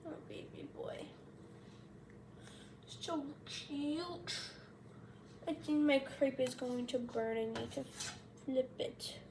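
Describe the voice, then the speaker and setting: A woman casually talking through a cooking tutorial at home, chatty and self-mocking, thinking aloud as she goes. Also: sits high. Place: home kitchen. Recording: kitchen fan noise behind. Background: loud kitchen fan.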